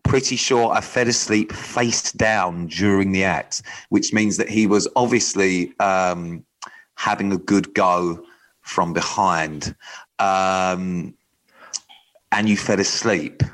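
A man co-hosting a podcast in casual chat. He talks hesitantly with many pauses and a wry tone. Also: sits low, fairly bright tone, poor audio. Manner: hesitant, full of ums, wry. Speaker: podcast co-host.

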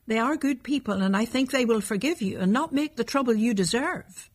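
A woman voicing an anxious village mother who scolds her son, with a husky, higher voice. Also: animated, fairly quick. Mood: worried. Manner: reproachful, then angry.

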